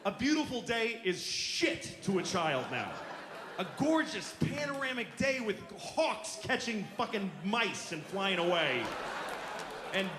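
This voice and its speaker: A man's voice: high-pitched, sing-song, a little slow, background noise. A middle-aged man doing stand-up on stage, ranting in an exasperated, profane way. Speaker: stand-up comedian. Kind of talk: stand-up routine. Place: stage before a live audience. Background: audience laughter and room ambience.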